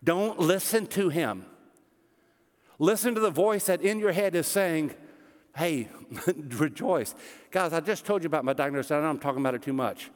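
A middle-aged man, a pastor, preaching a sermon in a church sanctuary with earnest emphasis and rhetorical questions. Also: on the high side. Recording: long hall reverb.

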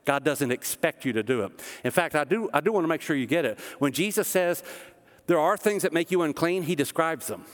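A man's voice: on the high side, animated, fairly quick, in a large hall. A man from the American South preaching a conversational sermon with joking asides, as pastor. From American South, Tennessee. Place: church auditorium.

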